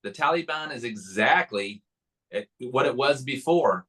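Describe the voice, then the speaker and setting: A man's voice: mid-range voice, lively intonation, unhurried, sharp tone, husky, rough recording. Firm man arguing a point. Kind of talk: political interview discussion.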